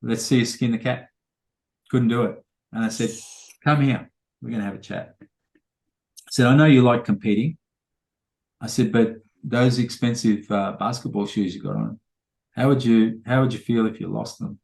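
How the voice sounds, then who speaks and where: A man's voice: mid-range voice, steady tone, normal speed, creaky, a little mellow, echoey room. A man, a trainer telling rambling anecdotes full of quoted dialogue in a casual podcast interview.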